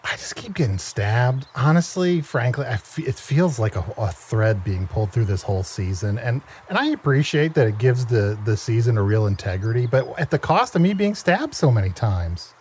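A man's voice: mid-range voice, sing-song, moderate pace, few pauses, a little mellow, a little hiss or hum. A man improvising comedy in a meek, earnest and hesitant way.

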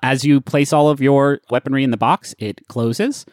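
A man running a tabletop game as game master, narrating scenes in a steady, descriptive way. His voice sits in the middle of the male range and sounds close and dry, with no room around it. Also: medium pitch, normal speed, dry recording.

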